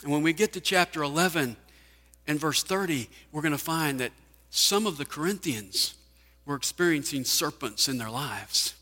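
A man's voice: a little high, expressive, moderate pace, sharp tone. A man preaching a sermon, firing off rhetorical questions with emphasis. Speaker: pastor. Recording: hall reverb.

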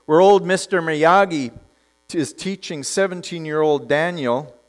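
A man preaching a sermon, telling a story with lively delivery and dropping to quiet emphasis. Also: a little high, unhurried. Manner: animated storytelling, acts out characters, drops to quiet emphasis.

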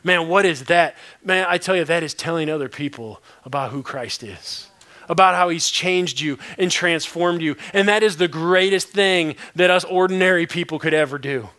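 Brief: male preacher, slightly high voice, bright and forceful, punchy repetitions, jokey asides. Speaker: pastor. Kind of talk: sermon.

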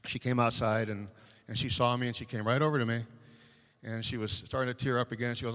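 Talking fast with a flat delivery, a man of medium pitch and slightly bright tone gives casual testimony on a panel as a personal evangelist. His story is littered with fillers and restarts, and a long hall reverb surrounds it.

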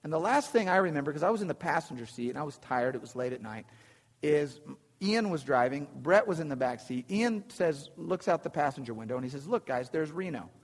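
A man telling a funny personal story to a live audience, animated and self-deprecating, with lots of restarts. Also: fairly high pitch, fairly quick, in a large hall.

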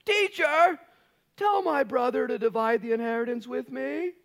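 Guy putting on a high whiny petty dude begging for stuff, all over the place in pitch. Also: very animated, normal speed. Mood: pleading. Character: whiny grown man from the crowd, petty and self-absorbed.

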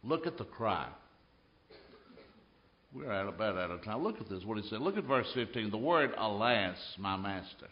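A man preaching a sermon, telling stories in an animated way and swinging between loud and hushed. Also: fairly low pitch, normal speed, long pauses, roomy sound, highs cut off, slight background noise.

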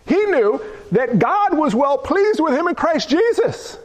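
A man with a strikingly high voice for his sex, delivering a fervent sermon. He presses his listeners with one rhetorical question after another and drives each point home with emphatic repetition. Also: sing-song, measured pace. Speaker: preacher.

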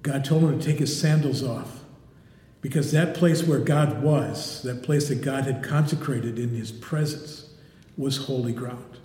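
A man preaching a sermon as pastor, emphatic and deliberate, at times dropping to a hush on key words. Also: mid-range voice. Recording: echoey hall with long reverb.

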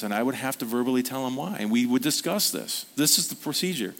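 A male pastor delivering a sermon in a church service at a medium, everyday pitch. He talks in an earnest, conversational way, weaving personal stories into his preaching. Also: expressive, quick pace, vocal fry, fairly bright tone.

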